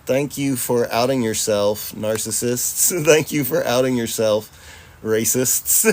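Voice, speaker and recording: A man's voice: medium pitch, animated, slow pace. A man hosting a livestream, casually reading viewer comments aloud, laughing easily and swearing freely. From Charlotte, North Carolina, US. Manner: laid-back, profane, laughs often, addresses audience as y'all. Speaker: livestream host.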